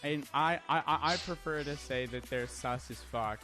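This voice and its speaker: A man's voice: mid-range voice, normal speed, music in the background. A young man streaming live, reading chat aloud and answering in a brash, profane way with lots of stammered restarts.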